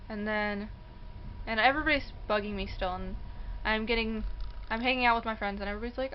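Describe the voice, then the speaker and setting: A woman's voice: a little high, fairly quick, muffled recording, slight background noise. A young woman telling a personal story in a casual vlog, acting out the voices of the people in it and laughing often. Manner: animated, acts out quoted voices, laughs often. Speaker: vlogger. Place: indoors near a passing train.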